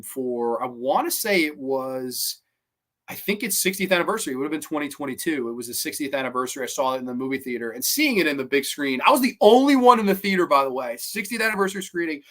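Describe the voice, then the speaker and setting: A man's voice: fairly high pitch, a bit bright. A man hosting a show, giving a casual, enthusiastic, rambling film review. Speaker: podcast host.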